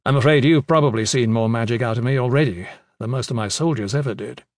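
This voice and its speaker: A man voicing a steady, wry adult male leader in an audiobook, speaking calmly and firmly. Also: medium pitch, fast talker, dry recording, studio quality, natural voice. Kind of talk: audiobook character voice.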